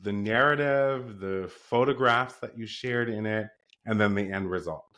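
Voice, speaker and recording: A man hosting a podcast interview, speaking earnestly and admiringly in a relaxed chat. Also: fairly low pitch. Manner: earnest, admiring, slow and thoughtful. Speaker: podcast host.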